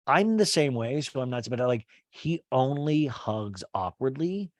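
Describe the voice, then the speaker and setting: A man's voice: mid-range voice, very animated, unhurried, dry recording, studio quality. A young man hosting a comedic podcast, rambling through a reality-show recap in a profane, loose way with lots of "like". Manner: rambling and profane, heavy use of "like".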